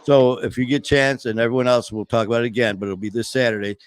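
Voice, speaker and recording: A man's voice: medium pitch, fairly even intonation, quick pace, slight background noise. A man hosting a casual online talk show, talking loosely with many restarts. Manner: rambling, with many fillers and restarts. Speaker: host. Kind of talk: casual chat.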